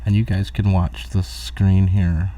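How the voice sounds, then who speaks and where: A man's voice: low-pitched, little pitch movement, unhurried, warm tone, far from the mic. A middle-aged man hosting a rambling solo live stream from home, distracted and chuckling at his own jokes. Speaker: host of a live talk stream.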